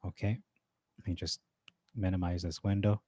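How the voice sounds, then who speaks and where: A man casually going through Bible verses one by one, thinking aloud with frequent pauses and restarts. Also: sits low, level tone, warm tone, breathy edge, no echo. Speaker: Bible teacher. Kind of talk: informal verse-by-verse scripture comparison.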